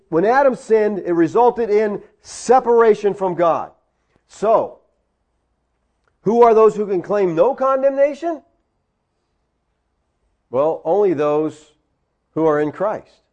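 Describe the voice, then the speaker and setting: Man preacher, high-pitched, emphatic, teaching sermon full of rhetorical questions. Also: animated, a little slow, pauses often, dark tone. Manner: emphatic, rhetorical questions, explains Greek words.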